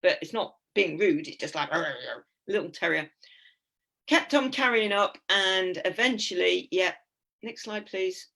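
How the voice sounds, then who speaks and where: A woman in her fifties giving a lively, blunt and humorous talk with slides about a climbing trip. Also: mid-range voice, measured pace, creaky. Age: 50s.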